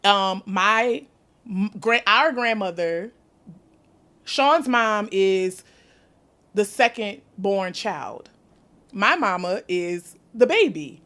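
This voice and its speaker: A woman in her thirties from New Orleans, USA, hosts a candid podcast conversation in her local accent, laughing often. Her mid-range voice is animated and a bit bright, stretching out words and pausing frequently.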